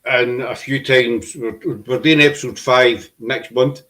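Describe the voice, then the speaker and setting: Middle-aged Glaswegian host, chatty storyteller, mid-pitched voice, lots of restarts. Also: male voice, fairly even intonation, unhurried, bright, forceful tone, rough recording. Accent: Glaswegian Scottish. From Scotland. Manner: rambling, anecdotal, with restarts and local slang. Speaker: podcast host. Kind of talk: casual chat.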